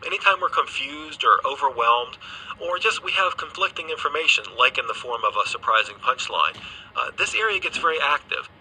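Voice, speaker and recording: A man's voice: on the high side, animated, a little fast, pushed and bright, a little hiss or hum, poor audio. A man who is a guest expert on a radio interview, explaining patiently and often restarting his phrases, speaking from a remote studio. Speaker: guest scientist.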